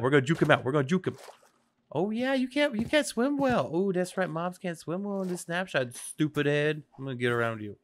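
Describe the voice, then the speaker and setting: A gaming video host giving excitable play-by-play commentary, chatting to the game's creatures and swinging between whispers and shouts. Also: mid-range voice, a little fast. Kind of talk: gameplay commentary.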